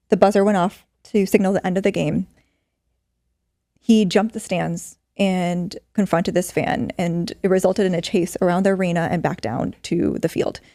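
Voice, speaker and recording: Mellow-voiced woman telling a story. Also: lowish voice, no echo, studio quality. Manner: earnest, animated storytelling with many fillers. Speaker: podcast guest. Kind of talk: storytelling in an interview.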